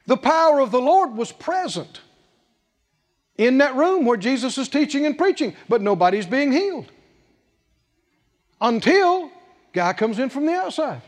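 A man's voice: very high-pitched, sing-song, unhurried, long pauses. A man preaching a sermon, emphatic and full of rhetorical questions, repeating scripture phrases for weight. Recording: long hall reverb.

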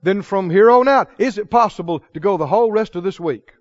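A man preaching a sermon, chuckling often and swinging from hushed storytelling to loud proclaiming. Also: sits high, a little fast, dry recording. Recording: dull lo-fi recording.

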